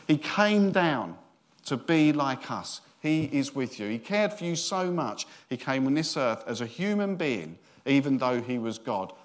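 A middle-aged man, a senior minister giving a sermon in a chatty, joking storytelling way. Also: medium pitch.

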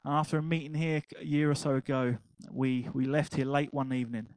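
An older man preaching a sermon, telling an anecdote with laughter and animated asides. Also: medium pitch, fairly quick, no echo, rough recording. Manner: animated storytelling, laughing at his own anecdote.

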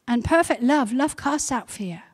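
A woman pastor giving a sermon, building to loud repeated emphasis. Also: high-pitched, expressive, measured pace.

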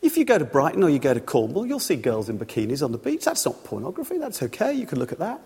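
A man's voice: a little high, huge pitch swings, fast, a little mellow, slightly rough, heavily acted. A man voicing a scheming male devil who tempts and accuses, in a sly, wheedling manner, as part of a sermon. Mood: coaxing. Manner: sly, coaxing then scornful. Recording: long reverb of a large hall.

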